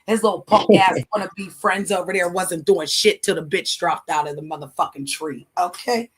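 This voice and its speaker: A woman hosting a livestream angrily vents about her ex in heated, profane casual chat. Her voice is lowish and her pace is normal as she rants.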